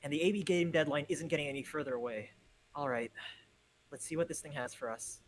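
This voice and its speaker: Co-host reading game lines on a call. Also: male voice, on the high side, a little fast, a little hiss or hum. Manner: reads lines with exasperated energy, laughs easily. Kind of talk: casual live-stream play-through. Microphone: headset over voice call.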